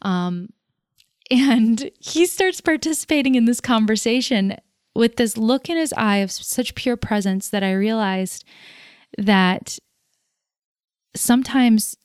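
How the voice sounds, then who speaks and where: A woman talks through a loose, reflective monologue as host, drifting off on tangents and laughing at her own remarks. Her voice is smooth and clear. It is recorded close and dry, with no room sound. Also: fairly high pitch, takes it slowly, pauses often, no echo. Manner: rambling, goes off on tangents; laughs at herself.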